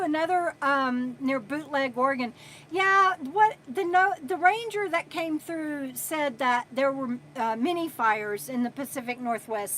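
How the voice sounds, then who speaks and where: A woman in her sixties hosting a casual livestream, chatting and reading viewer comments aloud between pauses. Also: high-pitched, a bit bright, slight background noise. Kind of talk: casual live chat.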